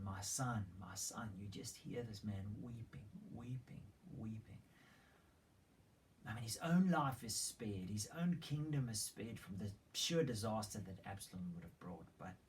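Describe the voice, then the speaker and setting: A man preaching a sermon as a story, retelling it with dramatic emphasis and hushed moments. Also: on the low side. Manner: dramatic retelling, swings between loud emphasis and hushed whispers. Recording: distant mic with faint background noise.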